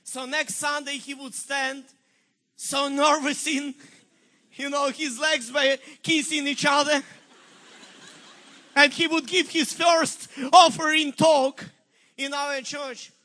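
High, bright Ukrainian-accented preacher. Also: male voice, slow, long pauses. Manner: animated, emphatic storytelling. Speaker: pastor. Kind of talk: sermon.

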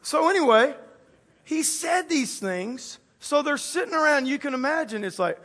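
A man preaching a lively sermon to a church audience, joking and acting out quotes in a playful way. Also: very high voice, normal speed. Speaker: pastor.

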